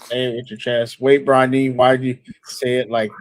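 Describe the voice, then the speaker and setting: A man's voice: medium pitch, little pitch movement, moderate pace, no echo. A man hosting a casual sports podcast, calling on his co-hosts for picks and teasing them. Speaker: podcast host.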